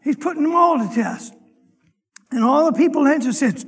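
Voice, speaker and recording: A man deacon preaching a sermon, reading scripture and retelling it with animated, dramatic storytelling. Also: very high-pitched, a little fast, long reverb tail. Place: church hall.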